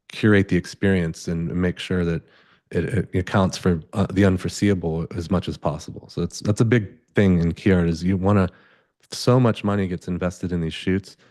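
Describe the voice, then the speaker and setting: A man's voice: deep voice, a little mellow. A man, a photographer, talking as an interview guest, telling stories in a loose, rambling way and acting out quoted dialogue. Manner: rambling, many restarts, acts out quoted dialogue. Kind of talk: conversational storytelling. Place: event space stage.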